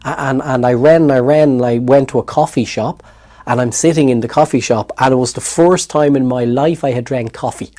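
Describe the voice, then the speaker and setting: Man, Irish accent, mellow warm voice, animated interview storytelling. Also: mid-range voice, brisk. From Ireland. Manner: animated storyteller, repeats words when excited. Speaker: interview guest.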